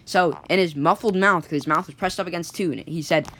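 Brief: casual improvised storyteller, rambling, restarts, mid-pitched voice. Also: moderate pace, hardly any pauses, fairly bright tone, slight background noise. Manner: rambling, many fillers and restarts.

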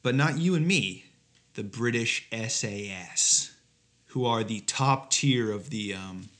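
A man's voice: on the low side, slow pace, fairly bright tone. Guy on a comedy podcast, sarcastic, mock-outraged rants, swears a lot. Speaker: podcast co-host. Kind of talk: comedic casual chat.

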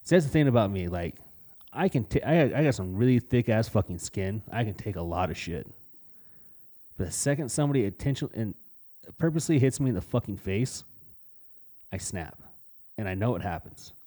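A man's voice: on the low side, lively intonation, brisk, pauses often, mellow. A man co-hosting a casual podcast, telling blunt, profanity-heavy stories from his youth. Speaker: podcast co-host. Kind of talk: casual storytelling chat.

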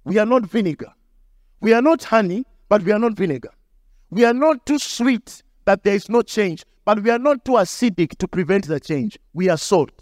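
A man's voice: moderate pace, dry recording, clean studio sound. A young adult male pastor, telling a story in a sermon and acting out the voices in it. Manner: animated, acts out dialogue with shifting pitch.

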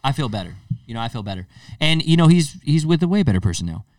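Male podcast co-host, lively storyteller who acts out his quotes, sits back from a dry mic. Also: mid-range voice, quick pace, no room sound, distant mic. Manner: animated storyteller, acts out quotes, many restarts. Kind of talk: casual storytelling chat.

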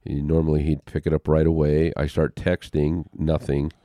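An older man telling a personal story as an interview guest, halting and heartfelt, with pauses and restarts. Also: extremely low pitch, monotone, mellow, no echo, clean studio sound.

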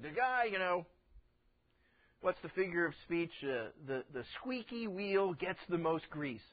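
High-voiced folksy pastor preaching. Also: male voice, animated, normal speed, dull audio. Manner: folksy, acts out voices in his stories. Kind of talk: sermon.

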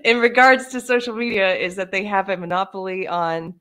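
A woman hosting a casual live stream, chatty and quick to laugh as she reads viewer comments. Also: medium pitch, a bit bright. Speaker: show host.

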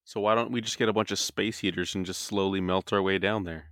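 A man's voice: low-pitched, steady tone, fast, a bit bright, dry recording, clean studio sound. A young man co-hosting a podcast, joking and teasing in an irreverent way. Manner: joking, irreverent, mock-patriotic. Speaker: podcast co-host. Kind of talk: casual podcast banter.

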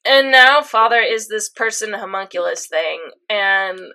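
A young woman chatting casually, retelling an episode with lots of fillers and animated reactions. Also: medium pitch, measured pace. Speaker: co-host recapping an anime episode. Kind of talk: casual chat.

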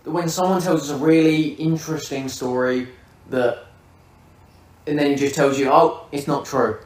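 A man's voice: on the high side, little pitch movement, moderate pace, darkish tone. A man hosting a podcast who tells a vivid, swear-laden comic story in casual chat. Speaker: podcast host. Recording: roomy, distant mic.

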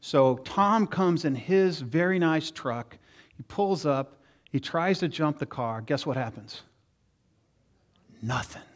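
Animated man preaching a sermon. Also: fairly high pitch, takes it slowly, long pauses. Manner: storytelling, animated, acts out quoted voices. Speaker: pastor.

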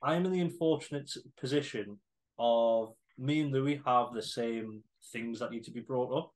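A man co-hosting a podcast, talking in a relaxed way with fillers and some swearing. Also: medium pitch, moderate pace, poor audio. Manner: laid-back, swearing, hesitant fillers. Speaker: podcast co-host. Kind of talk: casual podcast chat.

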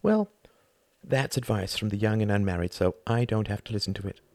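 A man reading an audiobook, voicing an older mother who is gentle, teasing and wry in a lifted, softer voice. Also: brisk, dry recording, lightly acted. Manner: soft, teasing, higher pitched. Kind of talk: audiobook character voice.

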